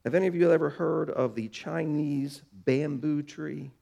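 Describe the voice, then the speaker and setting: A male pastor delivering a sermon with a slightly high voice. He drops low and quiet, then climbs louder and higher, stretching key words out slowly for emphasis. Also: gravelly. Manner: dynamic preaching, slows for emphasis, swings from soft to loud.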